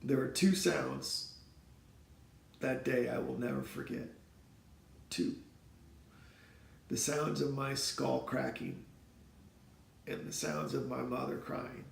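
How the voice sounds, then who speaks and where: A man in his forties tells his own story to camera, earnest and emotional, halting and repeating words. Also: mid-range voice, little pitch movement, vocal fry, a little hiss or hum. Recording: roomy echo.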